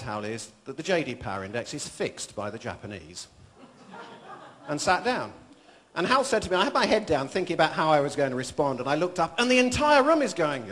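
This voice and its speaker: Bright, high-voiced male business speaker. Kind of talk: business talk with anecdotes.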